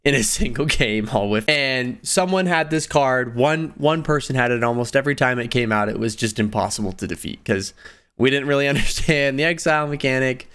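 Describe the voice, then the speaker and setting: A man in his twenties telling personal stories in a casual vlog, animated, laughing often and jumping up in pitch on emphasis. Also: fairly quick, clear, resonant tone. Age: 20s. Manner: animated, laughing storyteller with sudden pitch jumps. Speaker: video creator.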